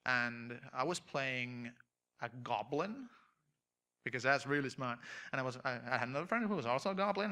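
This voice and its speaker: A man on stage at a convention auditorium, telling a comic anecdote to an audience with animated storytelling, acting out voices and laughing. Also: medium pitch. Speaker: convention panel speaker.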